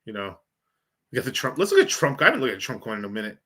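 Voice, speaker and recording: On a crypto livestream, a male host rambles through charts, thinking aloud in casual, profane chatter. His medium-pitched voice races along, pushed and bright, with huge swings in pitch. He's captured on a streaming setup mic.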